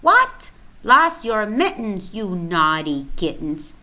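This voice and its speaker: A woman playing a stern mother cat from a storybook rhyme, bursting out high and loud and then dropping into a scold. Her voice is bright and the reading is slow. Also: very animated, heavily acted.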